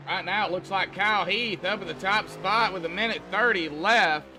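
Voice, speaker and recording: A man's voice: high-pitched, moderate pace, background noise. A man commenting on an online sim race as host, chatty and folksy, talking to drivers like buddies. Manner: chatty, folksy, calls people buddy. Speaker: race broadcaster.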